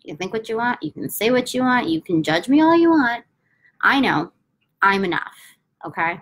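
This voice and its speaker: A middle-aged woman coaching a tapping session, talking in an upbeat, emphatic way and then slowly chanting affirmations. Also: on the high side, expressive, rough recording. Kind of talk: guided self-help instruction.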